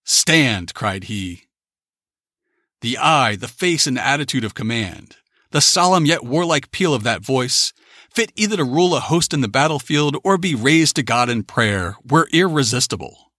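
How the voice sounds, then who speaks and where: A man narrating a classic story in a measured, expressive reading style. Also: medium pitch, dry recording, studio quality. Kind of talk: dramatic literary reading.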